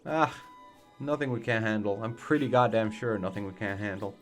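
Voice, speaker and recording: A man's voice: on the low side, fairly quick, faint music behind. A man doing casual let's play commentary, rambling in a laid-back way and swearing freely.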